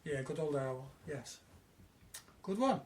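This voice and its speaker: A man's voice: a little high, lively intonation, a little slow. A man hosting an interview, agreeable and encouraging, mostly giving brief affirmations and prompts. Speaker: host interviewer. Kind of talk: casual interview chat.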